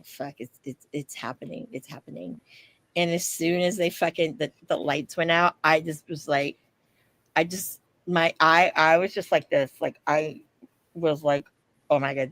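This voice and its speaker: A woman co-hosting a podcast, telling a story in a lively way, acting out what she and others said, and swearing freely. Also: sits low, no echo. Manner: animated storytelling, acts out quotes, swears freely. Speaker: podcast co-host. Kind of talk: casual chat.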